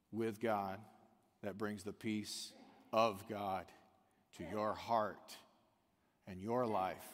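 Slow-preaching man in a reverberant hall. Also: medium pitch. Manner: preaching with rhetorical questions, swinging from loud to hushed. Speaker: pastor. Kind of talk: sermon.

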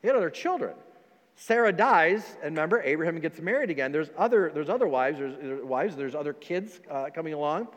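A man's voice: fairly high pitch, animated, a little fast, big-room sound, dull audio. A man preaching as pastor in a conversational sermon, with frequent fillers and restarts.

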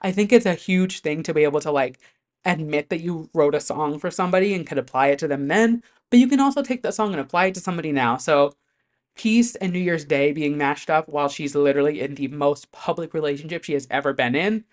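Speaking fast in a mid-range voice, a host chats casually to camera about pop music. The talk is animated, packed with fillers, and includes some swearing.

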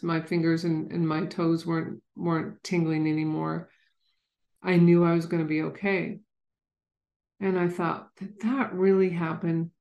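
A woman's voice: lowish voice, vocal fry, darkish tone, echoey room. A woman earnestly telling a personal story in a candid, conversational way. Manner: earnest, candid, with frequent restarts. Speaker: speaker sharing a personal story.

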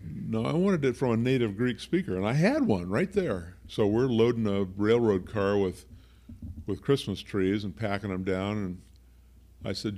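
A man's voice: lowish voice, animated, moderate pace, darkish tone. A man preaching a conversational sermon as a pastor, explaining word meanings with friendly asides.

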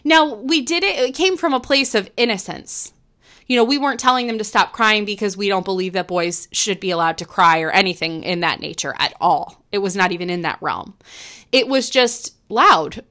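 A middle-aged woman talks through her thoughts in an earnest, gentle monologue. Her voice sits a little high and rings bright and clear. She circles back and restarts phrases as she thinks aloud. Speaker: podcast host. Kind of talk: reflective spoken monologue.

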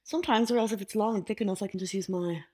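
A young woman co-hosting a podcast, chatting casually in a blunt, crude and animated way. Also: medium pitch, very fast. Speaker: podcast co-host. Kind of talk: casual chat.

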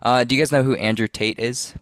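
A man's voice: medium pitch, fairly even intonation, a little fast, a bit bright, no room sound. A man co-hosting a podcast in casual chat, joking and sarcastic as he leads the segments. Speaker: podcast co-host.

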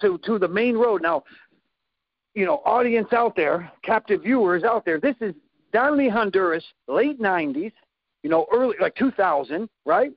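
A man telling a story in a casual chat, animated, acting out sound effects and quoted lines. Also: sits high, normal speed, no room sound, highs cut off.

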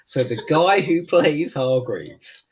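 A man chats casually on a podcast, brimming with trivia and enthusiasm. His pitch swings widely as he talks. His voice has a husky, breathy edge. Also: takes it slowly. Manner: animated, enthusiastic, fond of trivia. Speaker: podcast co-host. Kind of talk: casual chat.

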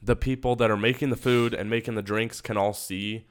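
A man's voice: fairly low pitch, steady tone, brisk, smooth. Young man chatting and laughing on a podcast. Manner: chatty, laughs while telling stories, acts out quoted voices. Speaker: podcast co-host. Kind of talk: casual chat, storytelling. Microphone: earbuds.

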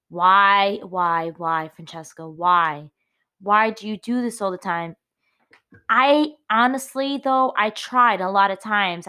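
A woman's voice: medium pitch, a bit bright. A woman speaks alone on her own podcast, open and emotional, in a mid-range voice. She rambles a little, restarts her sentences and fills the gaps with ums and likes. It sounds like an unscripted personal monologue. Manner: candid, emotional, rambling with frequent fillers. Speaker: podcast host.

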